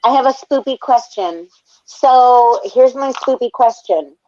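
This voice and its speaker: A woman's voice: fairly high pitch, unhurried, dark tone, no echo. Chatty woman host, lo-fi mic. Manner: chatty, reads viewer comments aloud. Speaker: stream host. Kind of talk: casual chat. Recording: dull lo-fi mic.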